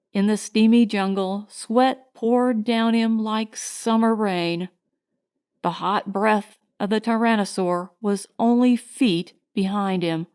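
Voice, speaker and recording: A woman narrating a science fiction short story in a steady, measured storytelling manner. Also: on the high side, clean tone. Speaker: audiobook narrator. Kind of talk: scripted narration.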